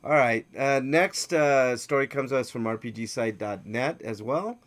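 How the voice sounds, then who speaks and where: A man's voice: mid-range voice, moderate pace, a bit bright. A man hosting a casual gaming news podcast, reading stories with lots of filler words and teasing his co-host. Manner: reads game news with many filler "uh"s, teasing. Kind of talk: casual livestream news chat.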